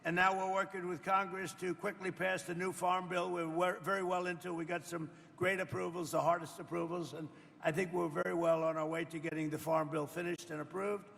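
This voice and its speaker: A man's voice: high voice, flat delivery, brisk, vocal fry, a bit bright, long reverb tail. An older man, a president, giving a rambling off-the-cuff speech to farmers, boasting and turning to the audience with chatty asides. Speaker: president speaking at a farmers' roundtable. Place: indoor roundtable event.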